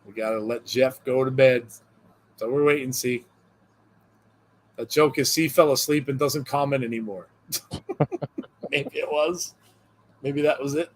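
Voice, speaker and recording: A man's voice: medium pitch, fairly even intonation, a little slow, pauses often. A man co-hosting a wrestling podcast in casual chat, reading out viewer jokes with frequent chuckles and a loose, rambling delivery full of fillers. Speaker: podcast co-host.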